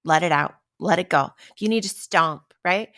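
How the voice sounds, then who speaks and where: Expressive woman podcast host. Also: lowish voice, normal speed. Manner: expressive, acts out everyday stress scenes; conversational, checks in with "right?". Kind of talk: casual wellness talk.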